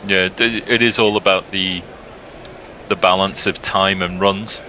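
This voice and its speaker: Bright-toned man calling cricket ball by ball. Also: sits low, steady tone, a little hiss or hum, rough recording. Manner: brisk, upbeat, laughs easily. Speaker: cricket commentator. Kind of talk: ball-by-ball commentary.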